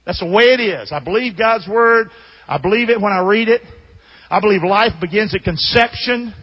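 A man preaching a sermon as a pastor, telling stories in an animated way that swings from loud to hushed. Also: high voice, moderate pace, slightly rough, highs cut off. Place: church sanctuary. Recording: long hall reverb.

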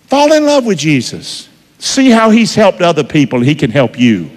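A man preaching a sermon in a church, folksy, quizzing the congregation and swinging between loud and hushed. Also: a little high, expressive, fairly quick. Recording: reverberant church hall.

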